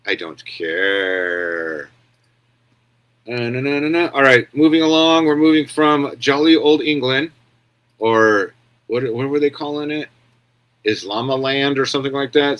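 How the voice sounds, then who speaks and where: A man's voice: medium pitch, bright, forceful tone. A man hosting a casual news commentary stream, rambling bluntly and answering viewer comments as he goes. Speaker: commentary show host.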